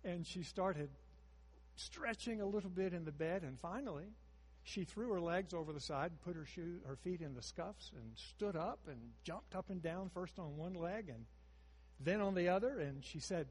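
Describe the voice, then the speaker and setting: A man in his sixties preaching a sermon, moving between hushed storytelling and emphatic rises. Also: high-pitched, moderate pace, husky, big-room sound.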